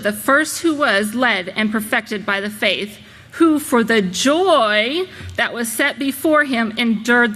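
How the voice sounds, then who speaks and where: A woman reads scripture and delivers an earnest exhortation in a sermon, her voice a little high and bright. A long reverb trails her words through the hall. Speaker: church speaker.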